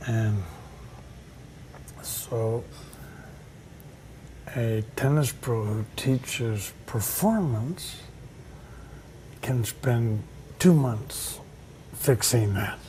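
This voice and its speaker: Older male coach, interview guest, unhurried and reflective, mid-pitched, voices the people in his anecdotes. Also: mellow, slight background noise. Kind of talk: storytelling in a conversation.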